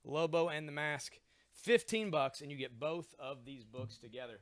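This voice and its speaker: A man with a fairly high voice hosts a live-stream sale in a comic book store. He talks in chatty, joking patter, listing issues and prices. His voice is dry and close to the mic. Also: normal speed, no echo. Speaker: comic shop host running a live sale. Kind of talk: live-stream sales pitch.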